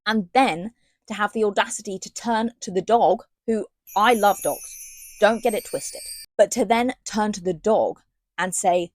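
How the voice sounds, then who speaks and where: A woman's voice: mid-range voice, normal speed, no echo. A woman giving a sarcastic, slangy casual book review, reading passages aloud between rants. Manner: sarcastic, ranting, slangy asides.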